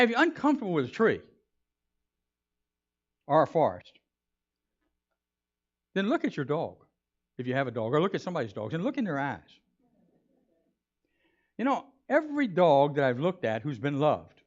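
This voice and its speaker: A man's voice: on the high side, very animated, moderate pace, long pauses, lo-fi sound. A man preaching a sermon as pastor, in a conversational, joking way.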